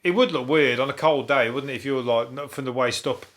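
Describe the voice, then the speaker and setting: A man hosting a solo comedy news podcast, rambling through stories with dry deadpan humour, frequent swearing and chuckles. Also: medium pitch, fast talker. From England. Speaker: podcast host.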